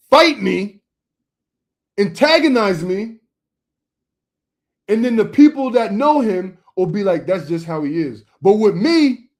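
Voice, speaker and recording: A young man with a high-pitched voice preaches informally straight to his listeners. He talks in an emphatic, streetwise way, stacking short repeated phrases to drive each point home. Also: darkish tone.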